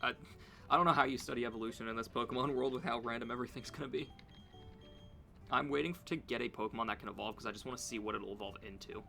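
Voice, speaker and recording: A man's voice: mid-range voice, fast talker, gravelly, pushed and bright, faint music behind. A young man streaming a video game, chatting casually and rambling with many fillers. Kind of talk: casual gameplay commentary.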